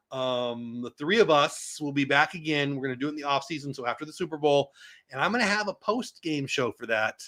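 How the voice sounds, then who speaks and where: A man in his fifties talking casually to viewers on a live stream, answering comments as they come in. His voice sits a little high for a man, with a bright, forward edge and a lively pitch that swings widely when something excites him. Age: 50s. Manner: animated, excitable, talks back to chat. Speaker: vlogger hosting a live stream.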